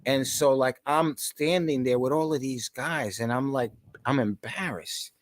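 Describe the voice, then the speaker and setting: A man in his sixties, a podcast guest, telling stories in conversation and shouting out the lines of the people in them. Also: medium pitch, measured pace, dry recording. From New York. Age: 60s. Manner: animated, shouts out quoted lines. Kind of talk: storytelling in conversation.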